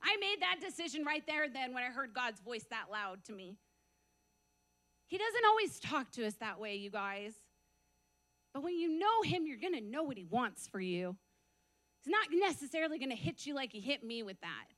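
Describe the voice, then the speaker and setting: High, bright-voiced woman preaching. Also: moderate pace. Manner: animated storytelling, laughs often, acts out dialogue. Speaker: preacher giving a testimony. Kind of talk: sermon testimony.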